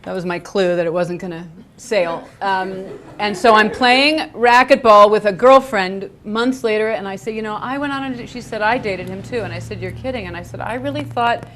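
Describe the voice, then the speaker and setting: A middle-aged woman telling a comic anecdote as a game show guest, wry and understated, with sudden high jumps when she quotes her own reactions. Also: normal speed, few pauses, a bit bright, slight background noise.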